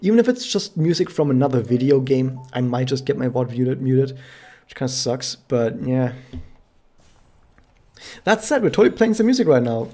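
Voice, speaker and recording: A man's voice: mid-range voice, very animated, moderate pace, dark tone. A man from Germany, a native German speaker, chatting casually and rambling a bit while he streams a game. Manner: chatty, rambling, self-correcting. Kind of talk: casual live-stream commentary.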